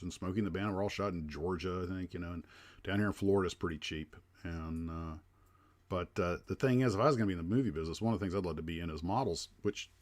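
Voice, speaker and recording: A man hosting a casual livestream chat, talking in a rambling way with lots of fillers and restarts. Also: deep voice. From United States. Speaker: livestream host.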